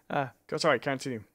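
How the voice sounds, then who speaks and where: A co-host on a jokey live cooking stream, teasing the cook with quick puns and mock-interview questions. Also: medium pitch.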